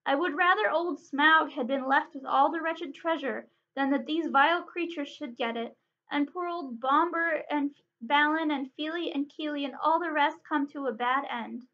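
A woman's voice: high voice, normal speed, sharp tone, lo-fi sound. A woman voicing a worried male hobbit, thinking plaintively to himself in a storybook reading. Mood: fretful. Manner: worried, plaintive inner thoughts. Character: fretful grown male hobbit, gentle and homesick.

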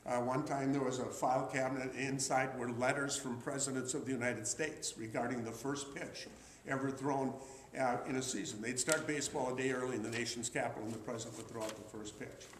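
A man's voice: medium pitch, steady tone, brisk, echoey room, slight background noise, poor audio. A man in his sixties telling rambling, chatty anecdotes to an audience, with restarts and uh's along the way. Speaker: memorabilia collector giving a talk. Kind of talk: anecdotal storytelling talk to an audience.

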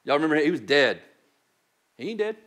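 A man's voice: fairly high pitch, quick pace. A male pastor giving a casual, joking sermon that is full of fillers like "like". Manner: animated, joking, heavy use of "like".

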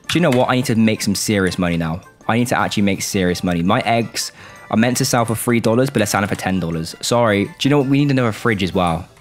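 A young man commentates his way through a shop game, switching from squeaky disbelief to low, grumbling despair. His voice leaps all over the place, and faint music plays underneath. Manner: excitable, exasperated, swings between high outbursts and low grumbles. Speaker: gaming YouTuber.

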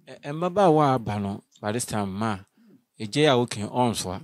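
A man's voice: mid-range voice, expressive, normal speed, no room sound. A man from Ghana interviewing an elderly woman, asking questions with hesitant restarts and brief acknowledgements.

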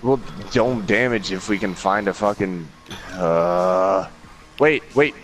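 Exasperated gamer guy, low voice. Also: slow, a bit bright, soft background music. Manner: exasperated, swearing, laughing at failures. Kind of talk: casual gaming chat.

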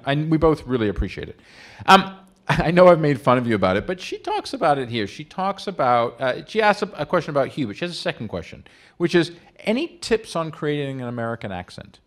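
A man interviewing a guest, reading out audience questions in a playful, teasing way. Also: on the high side. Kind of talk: casual interview chat.

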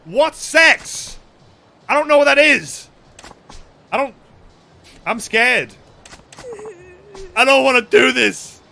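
A man voicing a timid, frightened teenage schoolgirl in a squeaky falsetto, reading game dialogue aloud. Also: big pitch swings, takes it slowly, hardly any pauses, pushed and bright, slight background noise, heavily acted. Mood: scared.

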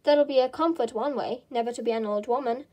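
A woman's voice: on the high side, brisk, darkish tone, natural voice. A woman reading the lines of Alice, a curious, fretful little girl who talks to herself. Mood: musing.

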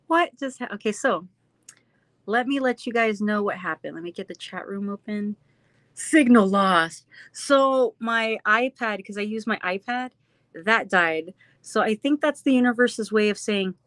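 A woman's voice: medium pitch, unhurried, fairly bright tone, no room sound. A woman chatting casually with viewers on a live stream from her phone, bubbly and effusive, often slipping into a little kid voice.

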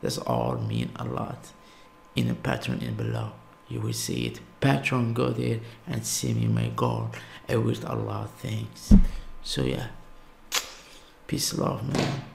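Gravelly Algerian man, awed reaction. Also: mid-range voice, lively intonation, a little hiss or hum. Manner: awed, exclaiming, halting non-native English. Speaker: reaction video host. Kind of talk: casual reaction commentary.

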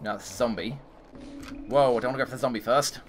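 A man's voice: mid-range voice, steady tone, fast talker. A man hosting a gaming channel, talking casually to himself as he plays and bursting into frustrated outbursts. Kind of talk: casual let's-play commentary. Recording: game noise behind the voice. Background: game sounds and ambience.

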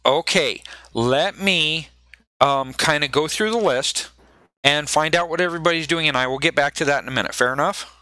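A man runs a tabletop game, narrating in a loose, rambling style. His voice is bright and slightly high. The sound is dry and close. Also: moderate pace, dry recording. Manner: loose, rambling, many fillers and restarts. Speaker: game master.

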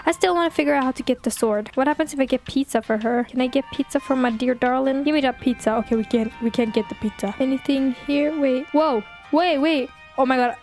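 Young woman gamer, high bright voice, excitable and chatty, light music under the talk. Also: brisk, few pauses. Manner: excitable, squealing when startled, chatty with viewers. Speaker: gaming YouTuber. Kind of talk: casual gameplay commentary.

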